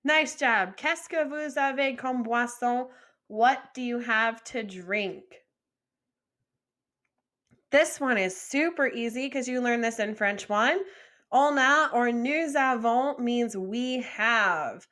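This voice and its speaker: Slow, patient woman teaching French. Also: fairly high pitch, a bit bright. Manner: patient, encouraging, models pronunciation slowly. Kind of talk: slow, deliberate vocabulary lesson with repeat-after-me drills.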